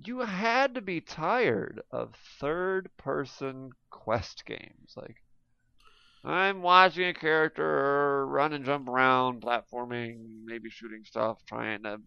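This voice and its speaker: Pria bersuara serak dan cerah. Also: male voice, medium pitch, creaky, smooth, no echo, dull audio. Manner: animated, jokey, quick asides. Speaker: podcast co-host. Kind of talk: casual chat.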